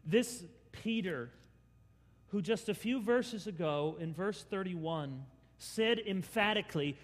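A male pastor preaching a sermon, dramatically acting out scenes and swinging between loud and hushed. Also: sits high, animated, takes it slowly, big-room sound.

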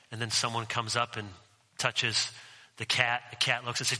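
Bright-voiced pastor preaching in a reverberant hall. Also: male voice, mid-range voice, steady tone, moderate pace. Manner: conversational, humorous asides. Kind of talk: sermon.

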